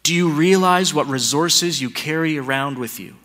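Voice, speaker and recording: A male pastor preaches a sermon at normal speed in a high-leaning, pushed, bright voice, building his points through repetition and slipping into casual, joking asides. Long hall reverb surrounds the recording.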